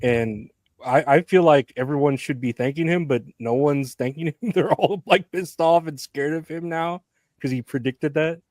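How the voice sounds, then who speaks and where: A man co-hosting a podcast, casually recapping a film with frequent laughs and halting restarts. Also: a little high, darkish tone, dry recording, studio quality. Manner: laid-back, laughs often, halting restarts. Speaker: podcast co-host.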